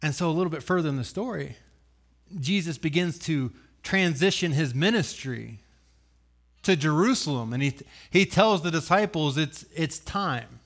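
A man preaching a sermon, telling the story with animated acted-out voices, loud sudden bursts and dry joking asides. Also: a little high, moderate pace. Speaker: pastor.

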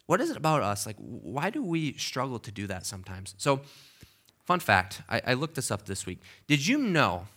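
A man's voice: mid-range voice, sharp tone. A man preaching a sermon as pastor in a church, conversational and emphatic, often checking in with the congregation. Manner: conversational, emphatic, with frequent okays and restarts.

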